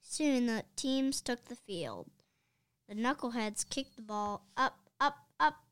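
A woman's voice: fairly high pitch, lively intonation, slow pace, fairly bright tone, clear, resonant tone, no room sound. Woman reading a children's book aloud. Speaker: reader.

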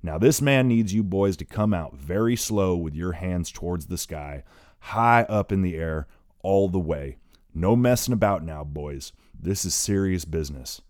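A booming, gravelly old father, as a deep-voiced man puts him on, calling out to his sons with strained authority. The voice sits very low, recorded dry and close for an audiobook. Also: a little slow, no echo. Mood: shouting. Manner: pleading yet commanding, shouts to his sons.

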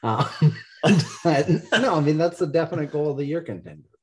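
A man co-hosting a casual sports podcast, recapping game highlights with frequent laughs. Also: expressive, a little fast. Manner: play-by-play recap, laughs often. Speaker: podcast co-host.

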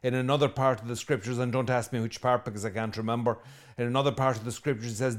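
Irish priest preaching a lively sermon. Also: male voice, medium pitch, a little fast. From Ireland. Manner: lively and conversational, with asides and jokes; emphatic, repeating key phrases.

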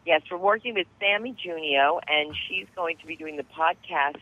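A woman's voice: low-pitched, normal speed, lo-fi sound. A woman chatting casually and giggling often about producing a podcast. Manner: giggly, bubbly. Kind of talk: casual chat.

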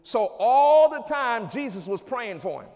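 Preacher man, high voice, call and response, gets loud, big hall echo. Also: big pitch swings, a little slow. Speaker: pastor. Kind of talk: sermon.

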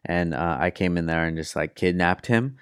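A man with a deep, smooth voice talks in a loose, casual way, stacking slang and curse words into his stories. He laughs easily and keeps the chat relaxed. The sound is dry and close to the mic. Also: moderate pace, no echo. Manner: laid-back storyteller, heavy slang and swearing, laughs often.

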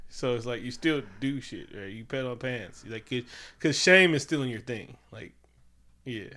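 A man's voice: medium pitch, normal speed, pushed and bright. A man co-hosting a casual movie review chat, profane and joking, acting out scenes in silly voices. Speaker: podcast co-host.

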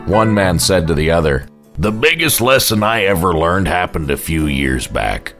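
A man hosting a morning radio show with dry, mock-grumpy humour. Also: sits low. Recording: music playing behind.

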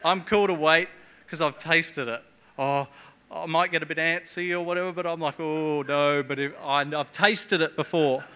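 A man's voice: on the high side, fairly even intonation, normal speed, bright, forceful tone, smooth. A middle-aged man preaching a sermon in a church, chatty and jokey, with humorous asides.

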